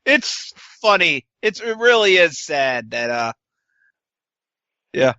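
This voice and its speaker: A man's voice: a little high, sing-song, slow pace, sharp tone, no room sound, lo-fi sound. A man co-hosting a podcast, recapping wrestling in casual chat with a sarcastic, swearing manner. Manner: sarcastic, swears, quotes wrestlers in put-on voices. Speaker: podcast co-host.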